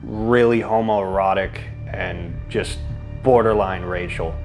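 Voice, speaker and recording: Man with a lowish voice, matter-of-fact interviewee, music under him. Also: steady tone, takes it slowly, creaky, darkish tone. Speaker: league member. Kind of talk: comedic mock-documentary interview. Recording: music playing behind.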